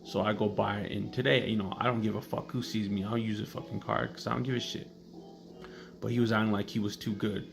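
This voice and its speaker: Gravelly profane man telling stories. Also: fairly low pitch, fast. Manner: profane, blunt, deadpan. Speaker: storyteller. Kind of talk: casual comedic storytelling. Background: background music.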